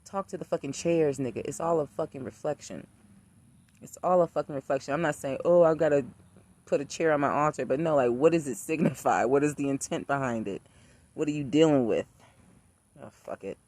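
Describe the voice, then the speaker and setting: With a fairly high, darkish-toned voice, a man rants to camera as a spiritual practitioner. His casual talk about spirits is blunt and profane, full of rapid-fire repetition for emphasis.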